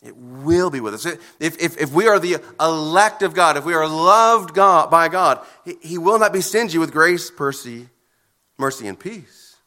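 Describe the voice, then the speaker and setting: High, forceful preacher man. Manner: earnest, emphatic preaching with deliberate pauses. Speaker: pastor. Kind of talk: sermon.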